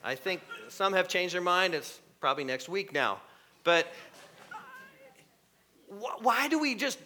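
A middle-aged man preaching a sermon, animated and shifting into mocking voices with sudden loud bursts. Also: sits high, measured pace, long pauses. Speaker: pastor.

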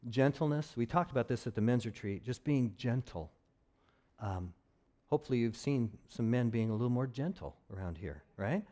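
Male pastor, mid-pitched voice, easygoing conversational sermon with jokes. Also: expressive, moderate pace, mellow. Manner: conversational, joking asides.

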